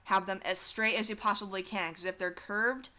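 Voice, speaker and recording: Bright-voiced young woman rambling casually. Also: mid-range voice, steady tone. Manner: chatty, offhand, slows down to stress points. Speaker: art vlogger. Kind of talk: casual rambling drawing tutorial.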